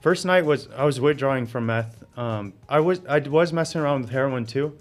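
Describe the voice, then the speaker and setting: A man's voice: medium pitch, normal speed, soft background music. A man guest telling his story in casual conversation, laughing often and filling with "like". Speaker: interview guest.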